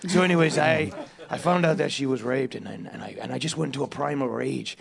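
A man doing a bumbling, crude impression of a gruff Irish action-movie star, speaking with an Irish accent and rambling as he laughs through his lines. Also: mid-range voice, a little fast. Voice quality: gravelly. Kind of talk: improvised comedy podcast bit.

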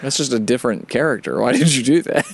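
A man's voice: mid-range voice, lively intonation, fast, gravelly, husky, no echo. A man riffing on a comedy podcast, sounding incredulous as he builds absurd bits. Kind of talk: casual comedic banter.

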